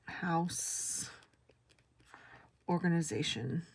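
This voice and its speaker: A woman's voice: on the low side, expressive, extremely slow, creaky, slightly rough. A middle-aged woman vlogger telling stories in a casual, chatty way, often breaking into exclamations.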